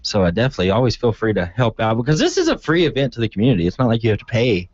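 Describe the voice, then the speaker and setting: A man hosting morning radio, joking loosely and laughing often between announcements. His pitch swings around a lot as he teases his co-hosts. The sound is dull and lo-fi. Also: animated, rapid-fire, darkish tone, no room sound. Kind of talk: casual radio banter.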